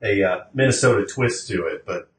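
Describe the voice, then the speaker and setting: A man's voice: lowish voice, moderate pace, fairly bright tone, far from the mic, a little hiss or hum. A Midwestern American man co-hosting a podcast in casual chat, laid-back and trailing off with fillers. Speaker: podcast co-host. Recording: roomy sound from off-mic.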